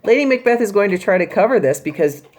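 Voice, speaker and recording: A woman's voice: medium pitch, animated, fast talker, darkish tone. A woman English teacher explaining a play to her class in a casual way, paraphrasing the characters in everyday speech. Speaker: high school English teacher.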